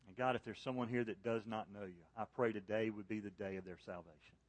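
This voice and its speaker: A man preaching a sermon to a church congregation, rising to loud, high emphasis on key points and falling soft and low in prayer. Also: fairly even intonation, fast talker, dry recording. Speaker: pastor. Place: church service.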